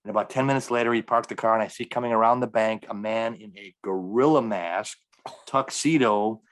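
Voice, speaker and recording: Fast-talking deep-voiced male comedian. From Milwaukee area, US. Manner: animated storyteller, acting out quoted dialogue. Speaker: stand-up comedian guest. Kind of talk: storytelling in a podcast interview.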